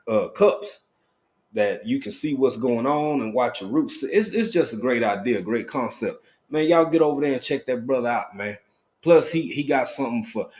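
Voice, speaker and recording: In a mid-range voice, a man hosts a casual live stream with a relaxed drawl, welcoming viewers by name and occasionally bursting into excitement.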